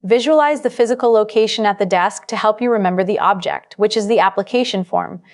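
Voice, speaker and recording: In a studio voice-over, a woman with a mid-range voice plays the instructor for a scripted test-prep lesson, delivering it in a measured, instructive manner.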